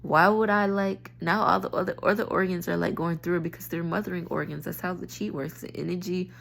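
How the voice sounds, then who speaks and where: Low, gravelly woman ranting into her phone. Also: steady tone, fairly quick, a bit bright, a little hiss or hum. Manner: frustrated, stream-of-consciousness, restarts thoughts. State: tired. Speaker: spiritual vlogger. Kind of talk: rambling rant to camera.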